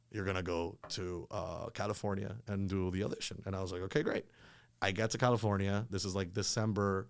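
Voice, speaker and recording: A man's voice: fairly low pitch, smooth, no echo. A man telling a story casually as a podcast guest, rambling with lots of filler words.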